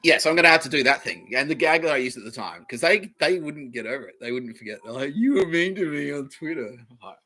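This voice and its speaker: A man's voice: medium pitch, lively intonation, quick pace, hardly any pauses, sharp tone. A young Australian man hosting a podcast, rambling through a profane, sarcastic comedy monologue and often laughing at himself. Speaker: podcast host.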